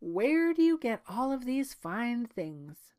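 A woman's voice: fairly high pitch, very animated, slow pace, a little mellow, voice pushed up. A woman voicing a curious, questioning old king in a read-aloud story.

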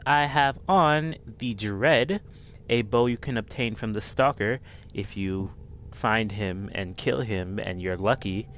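A man's voice: mid-range voice, slight background noise. A man hosting a casual game walkthrough, rambling and poking fun at himself. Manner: rambling, self-deprecating. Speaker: gaming video host.

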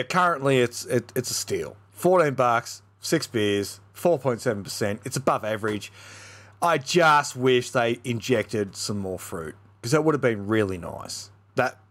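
A man's voice: medium pitch, fairly bright tone. A young Australian man giving a blunt, sweary beer review in a casual vlog.

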